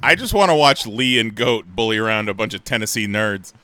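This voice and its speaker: A man co-hosting a podcast who drops wry, quick quips into the banter. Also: fairly low pitch, animated, sharp tone, no echo. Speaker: podcast co-host.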